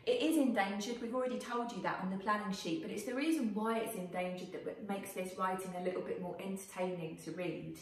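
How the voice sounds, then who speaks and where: A woman teacher explaining a writing task to her pupils in a clear, questioning way, recorded for a video lesson. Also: medium pitch, brisk, hardly any pauses, distant mic. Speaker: primary school teacher. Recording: echoey room, voice off-mic.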